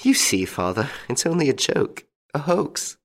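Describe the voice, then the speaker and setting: A man voicing a calm young noble daughter, lifting his voice higher and softer to play her. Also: unhurried, creaky, exaggerated voice. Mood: amused.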